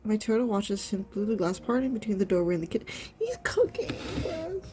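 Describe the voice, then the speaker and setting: A woman's voice: mid-range voice, big pitch swings, fairly quick, mellow, a little hiss or hum. A woman streamer reacting to a game, reading its lines aloud and gushing, often exclaiming and trailing off mid-sentence.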